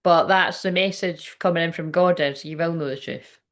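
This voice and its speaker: A woman's voice: lowish voice, moderate pace. A woman giving a casual tarot reading, chatty and frank, swearing often and laughing as she talks. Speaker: tarot reader.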